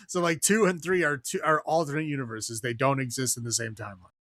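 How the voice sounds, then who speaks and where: A man co-hosting a podcast, chatting casually and ramblingly about movies and acting out characters in quick quotes. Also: a little high, fairly even intonation, a bit bright, no room sound, studio quality. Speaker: podcast co-host. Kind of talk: casual film review chat.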